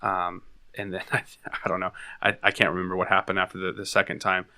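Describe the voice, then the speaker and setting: A man's voice: deep voice, completely flat delivery, quick pace, sharp tone. A man co-hosting a casual conversation, asking questions and laughing easily. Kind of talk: casual conversational podcast talk.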